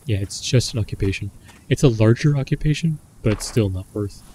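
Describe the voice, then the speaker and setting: Low, mellow male gamer thinking aloud over his run, with a faint hiss in the recording. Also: fairly quick. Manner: musing, talks himself through choices. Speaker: gameplay commentator. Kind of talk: casual gameplay commentary.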